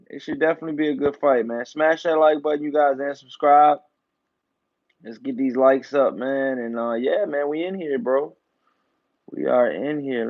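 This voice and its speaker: Hyped high-voiced man streaming fight commentary. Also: gravelly, highs cut off. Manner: loose, hyped, repeats catchphrases and fillers like man and y'all. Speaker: boxing commentator and channel host.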